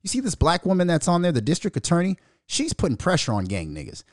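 A man hosting a podcast in a heated, profane rant, his voice swinging widely up and down as he pushes his points. He sits a little higher than most men, and the sound is dry and close with no room around it. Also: wildly swooping pitch, fast, no echo. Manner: aggressive, profane and venomous. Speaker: podcast host.

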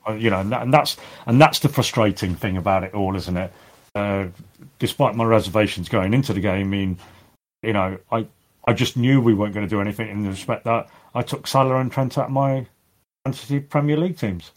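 A man talks as a podcast guest, casual and halting, circling back over his words. His voice sits fairly low. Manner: halting, with many restarts and fillers.

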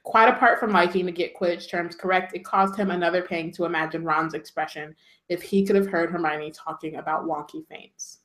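A woman's voice: fairly low pitch, fairly even intonation, brisk, a bit bright, roomy sound. A woman co-hosting a casual podcast who reads book passages aloud and adds joking asides.

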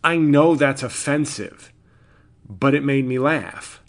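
A man's voice: medium pitch, slow. A man, a comedian, talking alone in a rambling, exasperated way, restarting sentences often. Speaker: podcast host and comedian. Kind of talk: casual solo monologue.

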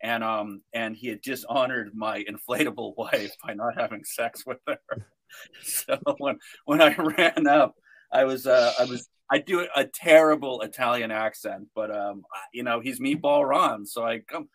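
A man's voice: mid-range voice, steady tone, normal speed, a bit bright. A man telling a long story on a podcast, rambling with many restarts and fillers. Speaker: guest, protester.

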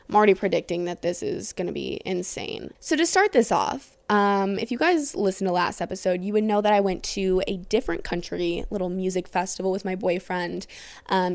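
A young woman hosts a podcast late at night, sleep-deprived and rambling through a casual story time. Her voice sits at an ordinary middle pitch, and the recording is close and dry with no room sound. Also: dry recording. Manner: rambling, chatty, heavy use of "like". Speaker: podcast host.

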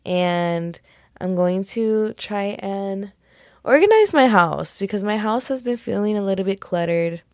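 A young woman chats alone on her podcast in a loose, rambling way, stacking filler words and laughing off her own remarks. Her voice sits at an ordinary middle pitch. The sound is dry and close, with no room around it. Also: expressive, a little slow, darkish tone, no room sound. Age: young adult. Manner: rambling, giggly, self-correcting, lots of "like" and "just kidding". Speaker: podcast host. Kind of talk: casual solo podcast chat.

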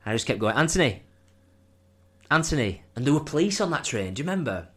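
A man's voice: medium pitch, big pitch swings, rapid-fire, husky. A young man, co-hosting a podcast and telling rowdy, laughing football stories, saying "were" for "was". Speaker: podcast co-host. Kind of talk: casual chat.

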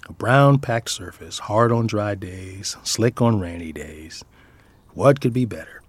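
A man's voice: on the low side, a little slow, slightly rough, no echo. A father reading his own personal essay aloud in a reflective way, often dropping into a near whisper.

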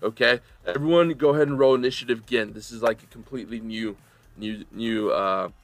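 A young man runs a tabletop game as game master. He talks in a relaxed, loose way, explaining the rules with plenty of fillers and the odd laugh. His voice sits at an ordinary middle pitch. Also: brisk, no echo.

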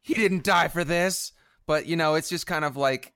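A man in casual chat, animated, often restarting his sentences. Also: on the high side, moderate pace, smooth, no room sound, studio quality. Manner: animated, stammering restarts, swears.

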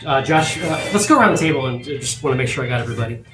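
A man's voice: mid-range voice, animated, racing. A man narrating as game master for a tabletop game, hesitant with lots of ums. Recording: echoey room with music.

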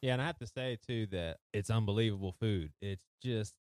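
A man's voice: fairly low pitch, a little fast, darkish tone, no echo, studio quality. A man co-hosting a podcast, defensive and apologetic in an argument with his friends. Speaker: podcast co-host. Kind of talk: heated argument between friends.

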